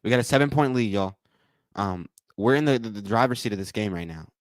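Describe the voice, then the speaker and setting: A man hosting a live watch-along stream, calling plays, thanking donors, and repeating himself with excitement. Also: fairly low pitch, brisk, no room sound. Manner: excitable, repeats phrases, says y'all a lot. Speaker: livestream watch-along host. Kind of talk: live game commentary and chat.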